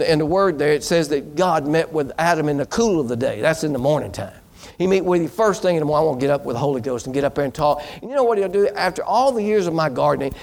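A man's voice: on the high side, gravelly, a little mellow. A man preaching a sermon as pastor, exhorting the congregation in a folksy way and asking them questions.

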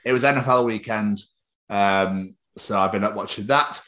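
A tired man co-hosting a podcast in casual chat, animated and laughing often. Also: fairly low pitch, moderate pace. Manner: animated, laughs often, does jokey impressions. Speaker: podcast co-host.

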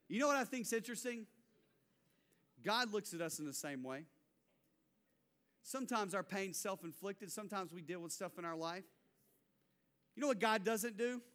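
Bright, high-voiced young male preacher. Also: unhurried, pauses often. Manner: animated storytelling, acts out quotes. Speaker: pastor. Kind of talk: sermon.

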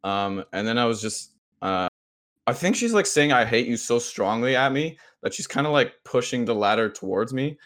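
A man's voice: mid-range voice, animated, normal speed, fairly bright tone. A young man co-hosting a podcast, telling a dream story in casual chat, laughing often and using many fillers. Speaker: podcast co-host.

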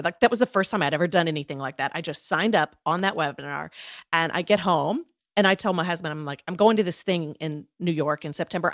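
A woman guest in an interview, telling her own story in a chatty, animated way with many fillers. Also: lowish voice, no echo, clean studio sound. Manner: chatty, animated, lots of fillers and quoted asides. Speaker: guest, former lawyer turned coach.

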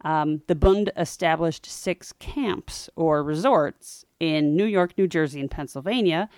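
Low-voiced woman telling history casually. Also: a little slow, no room sound, clean studio sound. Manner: wry, chatty, animated asides. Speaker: podcast co-host.

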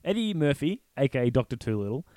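A man's voice: mid-range voice, sing-song, fast talker, warm tone, dry recording, clean studio sound. A man co-hosting a podcast in casual chat, rambling through movie scenes and swearing as he goes. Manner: rambling, recounts scenes with voiced quotes, swears. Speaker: podcast co-host.

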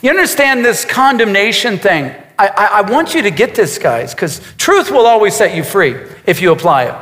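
A man's voice: high voice, very animated, moderate pace, a bit bright, in a large hall. A man preaching a sermon as a pastor, emphatic, with repetitions and asides to his congregation.

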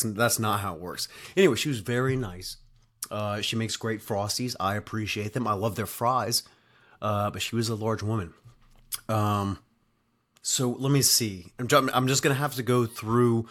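A man's voice: medium pitch, a bit bright. A man telling a travel story in a casual, rambling monologue, full of swearing, fillers and tag questions. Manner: rambling and profane, heavy on fillers and "right?".

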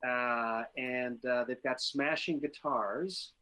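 A man's voice: mid-range voice, slow, pushed and bright, poor audio. A man with an upstate New York accent hosting a casual chat, rambling with many fillers. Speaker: host.

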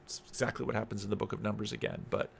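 Man, christian minister, gravelly voice, reflective commentary, repeats himself while thinking aloud. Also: on the low side, fairly even intonation, rapid-fire.

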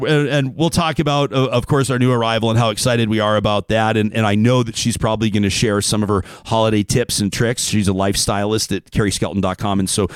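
A man, co-hosting a talk show in casual chat, animated and enthusiastic, with leaps in pitch. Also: dry recording, studio quality. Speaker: radio show co-host. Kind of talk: casual chat with read ads.

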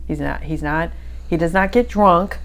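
A woman's voice: lowish voice, moderate pace. A middle-aged woman co-hosting a faith podcast, chatting casually with lots of fillers and restarts. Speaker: podcast co-host.

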